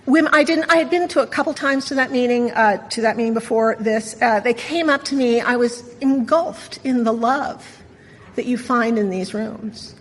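A woman's voice: a little high, moderate pace, big-room sound, a little hiss or hum, low-quality recording. A middle-aged woman sharing a personal story at a recovery meeting, wry, candid and self-mocking.

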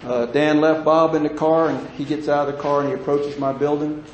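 An older man in his sixties shares his story with a meeting in a folksy, plain-spoken way, with a slightly raised voice. He speaks in a roomy hall that gives his words a clear echo, and a faint hum of the room sits behind him. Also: a little high, fairly quick, lo-fi sound. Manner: folksy, plain-spoken, animated when joking. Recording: echoey room with faint ambience.

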